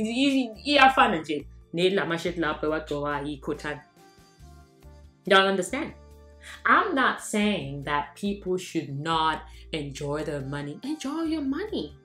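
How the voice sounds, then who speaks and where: A woman's voice: medium pitch, fairly bright tone, reverberant. A South African woman vlogging in casual commentary, mocking and laughing often as she switches between English and local languages.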